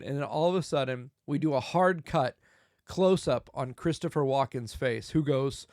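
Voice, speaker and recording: A man in his thirties hosts a solo comedy podcast, telling a silly bit and breaking into giggles as he cracks himself up. His mid-range voice is a little mellow at a moderate pace, with clean studio sound and no echo.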